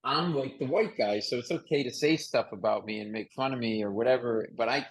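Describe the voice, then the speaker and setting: A man hosting a casual comedic chat over a video call, with a nasal voice, telling jokey stories in an animated way. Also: medium pitch, brisk, creaky, poor audio. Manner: animated storyteller, joking. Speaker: podcast host.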